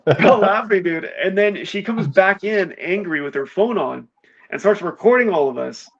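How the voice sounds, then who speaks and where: A man's voice: sits high, normal speed, highs cut off. A man telling a wild party story in casual chat, swearing freely and acting out what everyone said. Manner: animated, swears a lot, acts out quotes.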